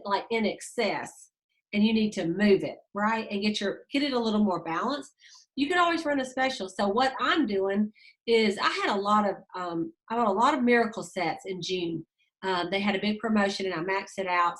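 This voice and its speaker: A woman, leading a sales team and giving a casual, fast, chatty training talk aimed straight at her listeners. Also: medium pitch, fairly bright tone. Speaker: direct sales team leader.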